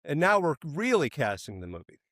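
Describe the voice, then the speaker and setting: A man in his fifties, a guest in an interview, telling anecdotes in a casual, animated and profane way. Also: fairly high pitch, a little fast, no echo, clean studio sound. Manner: animated, profane, acts out other people's quotes.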